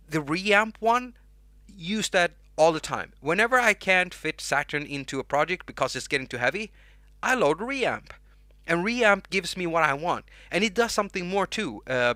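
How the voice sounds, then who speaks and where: Young Swedish-accented male streamer, bright tense voice, dry close sound, rambling and restarting. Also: on the high side, no echo. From Sweden. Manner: rambling, restarts words, reads chat names aloud. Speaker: livestream host and music producer. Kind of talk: unscripted livestream chat.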